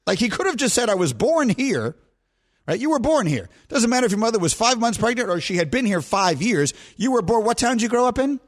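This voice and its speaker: A middle-aged man hosting a sports radio show, telling a rambling, animated story and chatting with his co-hosts. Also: very high-pitched, fast, few pauses. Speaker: radio host. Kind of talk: casual chat on sports radio.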